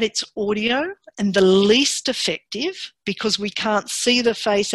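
A woman giving a workshop presentation in a calm, measured and encouraging way. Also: medium pitch, no echo.

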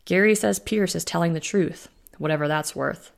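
A woman voicing a male werewolf alpha with a rumbling, sardonic manner. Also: moderate pace, creaky. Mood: wry.

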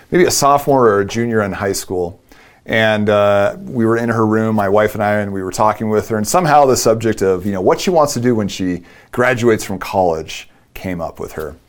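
Middle-aged man telling a story on stage. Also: fairly low pitch. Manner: chatty, self-deprecating storyteller. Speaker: conference speaker. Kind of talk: storytelling keynote talk. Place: conference stage before a live audience.

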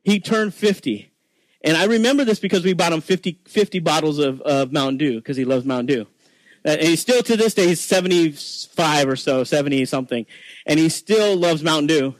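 A Texan man in his forties preaches in a loose, chatty way, often restarting his sentences and poking fun at himself. His voice sits a little high for a man. The sound is close and dry, with almost no room echo. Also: expressive, a little fast. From Texas. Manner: chatty, self-deprecating, many restarts. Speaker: guest preacher. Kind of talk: informal sermon.

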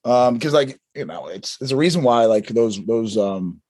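A man interviewing a guest casually, talking in halting phrases full of restarts. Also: medium pitch, animated, darkish tone. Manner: halting, lots of fillers and restarts.

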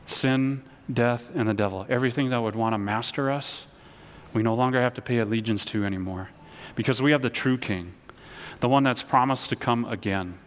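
A man's voice: medium pitch, brisk. A man preaching a sermon as pastor, earnest, often repeating words and leading his listeners in call-and-response. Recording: long hall reverb.

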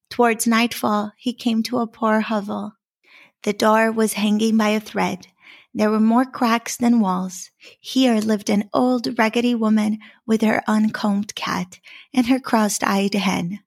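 A woman telling a fairy tale in a measured, expressive storybook narration. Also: on the high side, creaky.

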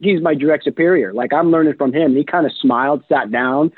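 A man telling career stories in a loose interview, chatty and animated, with lots of "you know" and "right". His voice sits a little high for a man. It comes through a thin, phone-like line with a dry sound. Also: fast, breathy edge, no echo. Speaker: guest, real estate investor. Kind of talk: casual interview storytelling.

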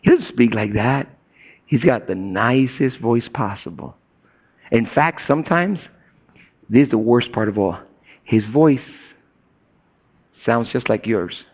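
A middle-aged man preaching a sermon as a pastor, chatty and casual, who swings from loud, high bursts to hushed, low asides. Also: animated, a little slow, long pauses, breathy edge. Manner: casual slang and asides to the congregation. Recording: dull lo-fi recording.

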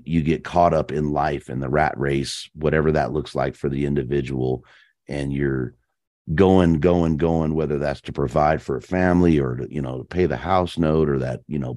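A man with an extremely low, deep voice tells hunting stories as a podcast guest. He talks in an animated, easygoing way and sprinkles his sentences with slang. The sound is dry and close, with no room echo. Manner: animated, slangy, peppers speech with "man" and "dude". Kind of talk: casual storytelling chat.

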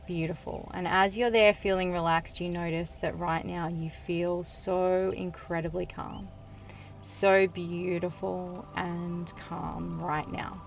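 A woman podcast host and certified hypnotherapist guiding a relaxation hypnosis with slow, soothing, repetitive cues. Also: fairly low pitch, gravelly. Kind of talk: guided hypnosis.

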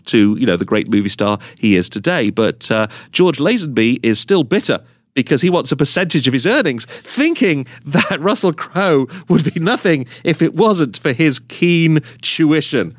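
A man hosting a podcast, recorded on a close studio mic with a dry sound. He tells anecdotes in a relaxed, chatty way, often laughing through his stories. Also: on the high side, normal speed, dry recording. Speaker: podcast host. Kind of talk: casual chat, storytelling.

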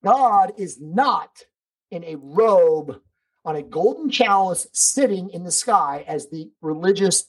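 Husky, emphatic man. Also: sits high, animated, slow pace, rough recording. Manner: emphatic, profane, preachy. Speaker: podcast guest. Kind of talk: casual conversation.

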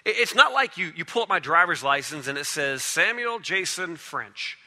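A man preaching a sermon, retelling stories in an animated way and acting out their characters. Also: on the high side, fast talker, in a large hall. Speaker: pastor.

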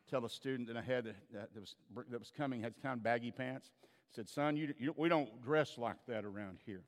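A man's voice: mid-range voice, in a large hall. A man preaching a sermon as a pastor, telling stories in a conversational way with frequent restarts.

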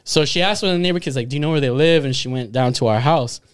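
Smooth-voiced young man telling stories. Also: medium pitch, fast. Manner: profane, animated, laughs often. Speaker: podcast co-host. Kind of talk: casual chat, storytelling.

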